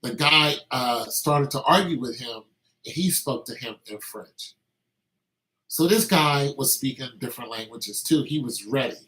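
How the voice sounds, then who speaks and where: A man's voice: mid-range voice, unhurried, bright, forceful tone, rough recording. A man talking in a casual, meandering monologue, telling anecdotes with lots of fillers.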